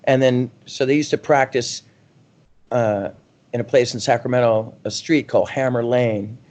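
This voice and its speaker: A middle-aged man, a rock singer as a guest, telling rambling, animated anecdotes in a casual interview, often laughing at himself. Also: mid-range voice, moderate pace.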